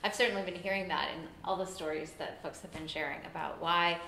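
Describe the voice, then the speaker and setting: A woman's voice: fairly low pitch, steady tone, fast, creaky, bright, forceful tone, a little hiss or hum. A woman pastor interviewing a parishioner in church, asking affirming questions. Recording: roomy church echo.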